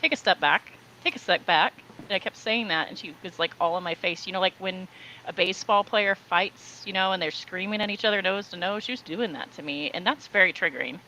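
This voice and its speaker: A woman in casual podcast chat, telling a personal story in an animated way, laughing often and acting out what people said. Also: on the low side, a little fast, slight background noise, low-quality recording. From Southern California. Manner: animated, laughs often, acts out quoted voices. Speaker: podcast co-host.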